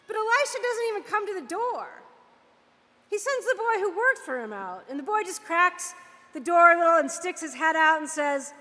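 A woman preaching a lively, conversational storytelling sermon. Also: high-pitched, in a large hall.

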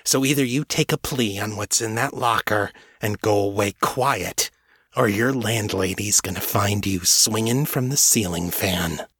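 A man voicing a corrupt male police sergeant, a furred beastman, who makes sneering threats in a lowish voice. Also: measured pace, a bit bright, slightly rough, dry recording. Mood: menacing.

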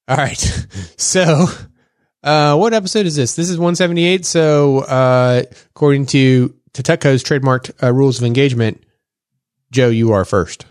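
A man's voice: mid-range voice, a little slow, darkish tone, clean tone, no room sound, studio quality. A man co-hosting a tech podcast, chatting casually and joking, with frequent fillers. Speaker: podcast co-host. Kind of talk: casual chat.

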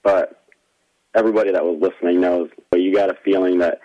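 Low-voiced easygoing male co-host. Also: steady tone, quick pace, mellow, muffled recording. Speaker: show co-host and producer. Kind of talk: casual chat.

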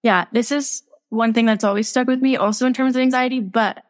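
A woman's voice: fairly high pitch, fairly even intonation, a little fast. A young woman speaking candidly as a podcast guest, laughing often and filling her talk with "like". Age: young adult. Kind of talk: casual podcast interview.

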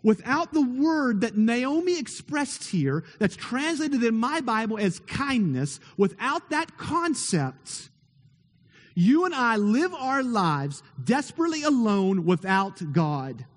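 A male pastor preaches with a high, unhurried voice, giving each phrase room. He is earnest and emphatic, stacking repeated lines and rhetorical questions. His words ring out with the long reverb of a large church hall. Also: sing-song. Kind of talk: sermon.

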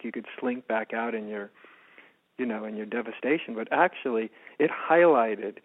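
A man from the United States, a spiritual teacher, telling a personal story in an interview, soft-spoken and halting with many restarts. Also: mid-range voice. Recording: phone-like narrow band.

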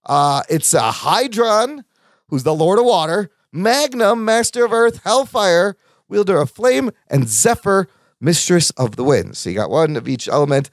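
Male podcast host, high lively voice, excitable, cursing often, dry close sound. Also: unhurried, no room sound. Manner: animated, excitable, swears freely. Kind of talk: casual chat.

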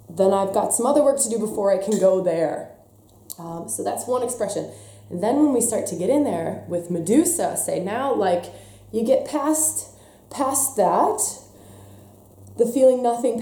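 A woman leading a spiritual workshop talk on a live stream, emphatic, swinging between hushed and loud passages. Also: medium pitch, roomy sound. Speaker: workshop leader.

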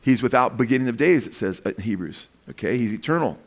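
A man preaching a sermon, animated, asking his listeners questions and acting out the lines he quotes. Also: mid-range voice, quick pace. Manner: animated, asks the congregation questions, acts out quotes.

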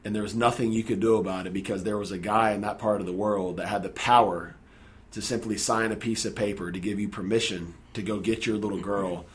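A man earnestly retelling a personal story in a relaxed conversation, acting out the lines of the people in it. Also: on the low side, brisk. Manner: earnest, animated retelling with acted-out quotes. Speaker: guest telling his story.

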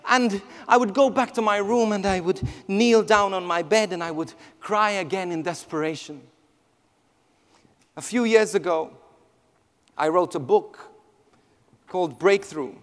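A man, a priest, telling a personal testimony with emotional storytelling that swings from hushed to near shouting. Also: sits high, unhurried, pauses often. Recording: long hall reverb.

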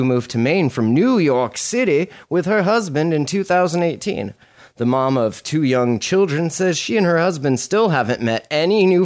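A man co-hosting a casual podcast, reading articles aloud and dropping crude deadpan jokes between passages. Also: a little high. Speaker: podcast co-host.

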